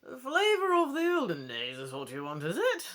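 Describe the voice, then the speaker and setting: Stern chief warder, dry and thoughtful, raised pitch, voiced by a woman. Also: huge pitch swings, normal speed, fairly bright tone.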